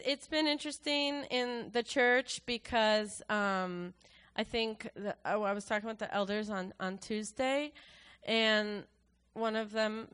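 A woman sharing a personal testimony with her congregation, speaking emotionally and haltingly with many fillers and restarts. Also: mid-range voice, a bit bright, clear, resonant tone. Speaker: church worship leader.

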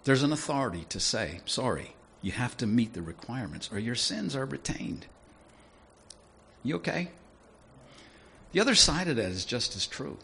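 A man preaching a sermon in a lively, conversational way, often asking his listeners questions. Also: medium pitch, moderate pace, creaky, long pauses, breathy edge. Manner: animated, conversational, asks the audience questions.

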